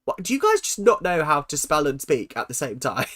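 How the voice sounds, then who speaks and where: A man's voice: fairly high pitch, huge pitch swings, brisk, fairly bright tone. A young man hosting a livestream, reading out chat comments and answering with teasing, self-mocking jokes and lots of ums. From London. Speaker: livestream host.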